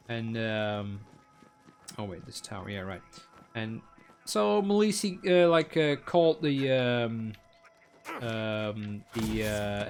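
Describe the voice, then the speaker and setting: A man's voice: mid-range voice, a bit bright. A man streaming a game, rambling through a story in casual chat with lots of fillers and acted-out quotes. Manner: rambling anecdote with many fillers and voiced quotes. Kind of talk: casual chat while gaming.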